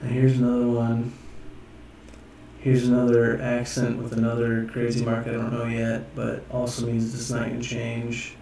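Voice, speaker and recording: A man casually teaching himself and viewers Greek letters, rambling, correcting himself and sounding words out slowly. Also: medium pitch, completely flat delivery, gravelly, dark tone. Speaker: self-taught Greek learner teaching viewers. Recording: echoey room, mic far off, faint noise.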